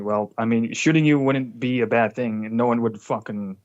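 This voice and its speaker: A man's voice: mid-range voice, moderate pace, darkish tone. A man chatting casually and crudely, mocking people with swearing and sneering. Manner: profane, mocking, mimics people in whiny voices. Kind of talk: casual crude drama chat. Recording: slightly dull lo-fi call audio.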